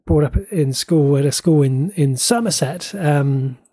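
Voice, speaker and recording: Man, from England, podcast co-host, chatty, husky, dry close sound. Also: a little high, a little slow, warm tone, no room sound. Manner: chatty, restarts words, playful mock indignation. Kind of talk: casual entertainment review chat.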